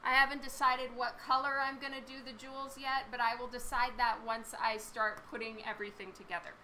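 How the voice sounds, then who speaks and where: A woman artist chatting casually with her live-stream viewers while she draws, laughing often, her voice a little hoarse. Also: a little high, level tone, brisk, bright, forceful tone, a little hiss or hum, rough recording. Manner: chatty, laughs often, reads and answers chat. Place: home studio with a fan running.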